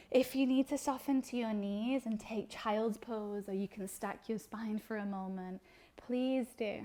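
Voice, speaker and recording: A young woman teaching a yoga class, giving calm step-by-step cues timed to the breath. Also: a little high. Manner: calm instructional cueing, slow breath-paced phrasing. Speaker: yoga instructor.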